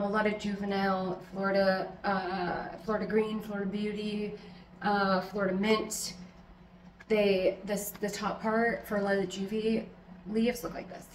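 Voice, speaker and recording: A young adult woman casually chatting through a tour of her houseplants at home, rambling and self-deprecating, talking loudly. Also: mid-range voice, slight background noise. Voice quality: loud, yelling from audio trouble. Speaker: plant collector vlogger. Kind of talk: casual plant tour chat.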